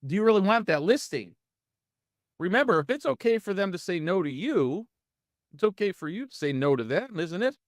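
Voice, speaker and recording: A middle-aged man coaching real estate agents in a live online training session, energetic and full of rhetorical questions to his audience. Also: high voice, a little fast, no room sound, clean studio sound.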